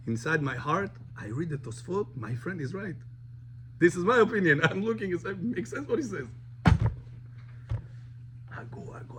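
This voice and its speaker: Animated rabbi. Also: male voice, sits high, a little hiss or hum. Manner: animated, switches between English and Russian. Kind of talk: storytelling talk to a class.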